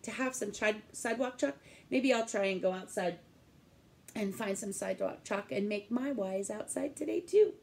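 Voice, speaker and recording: A woman's voice: medium pitch, moderate pace, creaky. A woman preschool teacher giving a remote lesson to young children, talking in a sing-song way and asking them questions.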